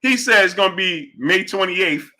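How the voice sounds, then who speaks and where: A young man hosting a casual sports talk stream, animated and slangy, often breaking into laughter and repeating himself. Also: on the high side, background noise. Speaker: sports show host. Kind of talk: casual livestream chat.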